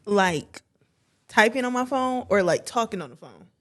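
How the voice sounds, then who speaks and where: A woman in a mid-range voice chatting as a podcast guest. She is playful and quick to laugh, with loose, casual slang running through her talk. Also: medium pitch, animated, fairly bright tone. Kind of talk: casual chat.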